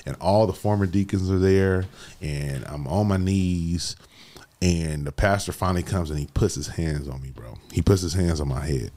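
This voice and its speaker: A man with a very low, deep voice shares a personal story in a relaxed, animated way. He talks casually and keeps calling the listener "bro." His tone is heartfelt and conversational. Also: normal speed. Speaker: guest sharing his life story.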